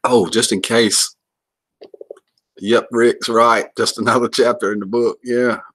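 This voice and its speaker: A man's voice: mid-range voice, fairly even intonation, measured pace, a bit bright, slight background noise. A man hosting a casual livestream, joking, laughing often and rambling as he greets viewers and reads comments. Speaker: livestream host.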